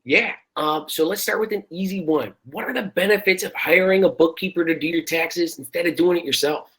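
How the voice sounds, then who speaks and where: A man's voice: a little high, fairly quick, a bit bright, husky. A man co-hosting a webinar in a lighthearted casual way. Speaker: co-host.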